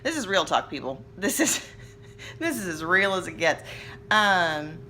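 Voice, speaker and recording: A bright, crisp woman's voice sitting a little low, talking straight into a hand-held phone. She rambles candidly and chattily about her home life and often pokes fun at herself. The delivery is loose and personal, like a casual home vlog. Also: sing-song, slight background noise. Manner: candid, chatty and self-deprecating, with quick jokes. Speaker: vlogger. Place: at home, seated. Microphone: phone camera held in hand.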